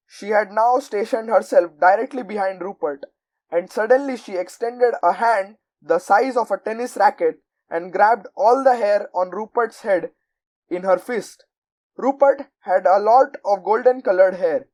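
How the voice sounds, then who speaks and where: A young woman reads a children's novel aloud as a volunteer narrator. Her reading is measured and expressive, at an ordinary pitch for a woman. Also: low-quality recording. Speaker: volunteer audiobook reader. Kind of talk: storybook narration.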